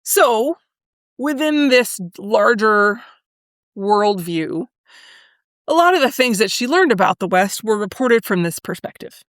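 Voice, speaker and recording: A woman hosting a solo history podcast, talking in a thoughtful, conversational way, with fillers and pauses now and then. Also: fairly high pitch, lively intonation, no room sound, studio quality. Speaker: podcast host.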